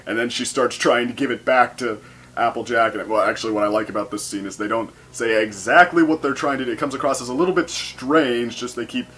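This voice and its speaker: A man's voice: medium pitch, brisk, a bit bright, breathy edge. A man casually reviewing a cartoon episode, rambling and hesitant, often amused.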